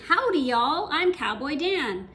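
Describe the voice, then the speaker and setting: A woman's voice: high voice, sing-song, slow, a bit bright, slight background noise, full character voice. A woman voicing a hearty, friendly male cowboy leader in a storybook, folksy and drawling.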